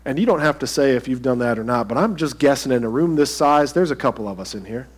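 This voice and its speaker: A man's voice: mid-range voice, expressive, quick pace, slightly rough. A pastor preaching a sermon to his congregation in a conversational way, asking them direct questions.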